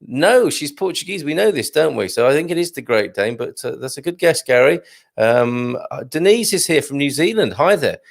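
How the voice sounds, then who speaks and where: Jokey man with a gravelly voice. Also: on the high side, very animated, moderate pace. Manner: chatty and jokey, tells corny dad jokes, chuckles often. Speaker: live show host reading viewer comments. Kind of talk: casual live-stream chat.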